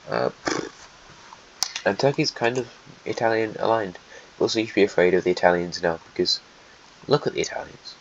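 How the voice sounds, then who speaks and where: Male narrator, lowish voice, dry sarcastic map commentary, dull home mic with faint hiss. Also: creaky. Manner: offhand, sarcastic, mutters asides while drawing. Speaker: alternate history narrator. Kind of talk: casual map-drawing narration.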